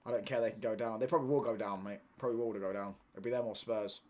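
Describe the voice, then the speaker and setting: A man's voice: fairly low pitch, fairly even intonation, fast, darkish tone. A man, ranting in heavy slang and repeating himself as he hosts a live football watchalong stream.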